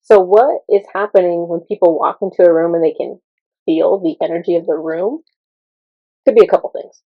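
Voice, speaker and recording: A woman in casual spiritual teaching talk, chatty and quick to laugh, with many fillers. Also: lowish voice, steady tone, no echo, narrow, tinny audio.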